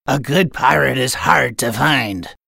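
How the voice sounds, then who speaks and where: A woman voicing a gruff grown male pirate captain in a storybook reading, with growling pirate talk. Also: extremely low pitch, measured pace, pushed and bright, no room sound, clean studio sound, exaggerated voice.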